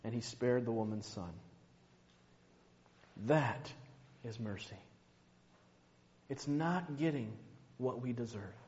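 A man preaching a sermon, slow and emphatic, dropping to a hush on key words. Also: mid-range voice. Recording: muffled, long hall reverb.

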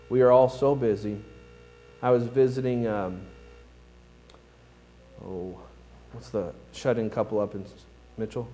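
A man's voice: medium pitch, a little slow, long pauses, warm tone, low-quality recording. A male pastor preaching a sermon in a plain-spoken, self-deprecating storytelling manner.

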